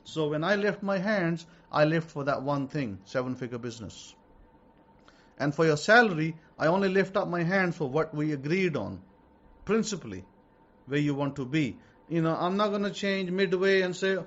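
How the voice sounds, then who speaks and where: A man's voice: on the high side, expressive, normal speed, muffled recording. A man teaching as a rabbi in an emphatic sermon, hammering home his points by repeating them. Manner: emphatic, repeats key statements.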